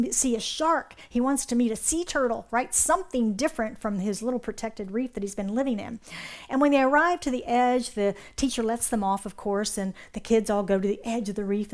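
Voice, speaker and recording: A woman minister preaches a sermon, telling a story in a lively way and often turning to her congregation with a quick question. Her voice sits slightly high. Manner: animated storytelling, checking in with the congregation.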